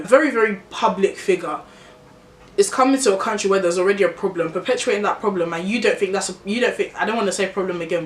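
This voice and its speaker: A woman from Nigeria ranting in an opinion vlog, blunt and animated, calling her viewers babes. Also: on the low side, echoey room, slight background noise. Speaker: vlogger.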